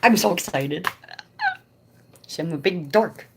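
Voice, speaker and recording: Chatty, excitable woman on a phone livestream. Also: on the low side, measured pace, slight background noise. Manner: chatty, excitable, talks to viewers by name. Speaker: livestream host chatting with viewers. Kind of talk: casual live chat. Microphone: phone propped up in front of her.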